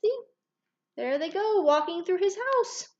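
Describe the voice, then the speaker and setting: High-voiced lady reading a kids' picture book, lively, gasping, kinda dull lo-fi sound. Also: a little slow. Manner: animated, gasping, pointing things out. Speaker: storybook reader.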